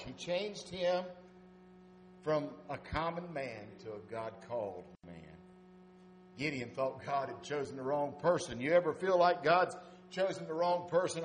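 A pastor preaches in a folksy, storytelling way. His fairly high voice swings from soft asides to loud urging. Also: normal speed, a little hiss or hum. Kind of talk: sermon.

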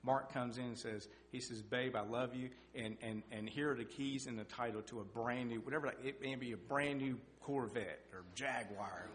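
A middle-aged man preaching a sermon with personal testimony, folksy and animated, his voice rising for emphasis. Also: normal speed, hardly any pauses, a crowd in the background. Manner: folksy, animated, climbs in pitch and loudness for emphasis. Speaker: lay preacher. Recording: echoey hall with faint hum.

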